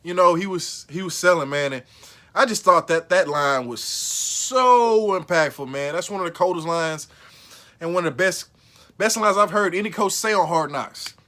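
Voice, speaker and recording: High, bright-voiced excitable man. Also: normal speed. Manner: excitable, swings from mumbling to loud outbursts; slangy, repeats lines for emphasis. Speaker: show recap host. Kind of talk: casual commentary vlog.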